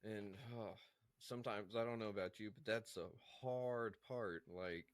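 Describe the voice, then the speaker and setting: A man's voice: on the low side, measured pace, no room sound. A man hosting a recovery podcast, talking in a reflective, casual way with many fillers. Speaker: podcast host. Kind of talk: casual supportive chat.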